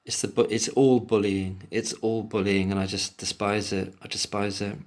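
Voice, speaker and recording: A man's voice: fairly low pitch, flat delivery, moderate pace. A man giving a solo commentary, reading an article aloud and breaking off into emotional, indignant rants with plenty of swearing. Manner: reads passages aloud, then breaks off to rant.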